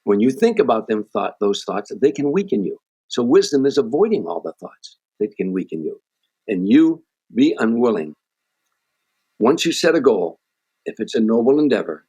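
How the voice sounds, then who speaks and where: A man with a husky, slightly low voice talks as a podcast guest. He tells stories and gives earnest motivational advice, often stumbling over and restarting his phrases before he lands the point. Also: sing-song, normal speed, darkish tone. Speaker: guest comedian. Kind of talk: podcast interview storytelling.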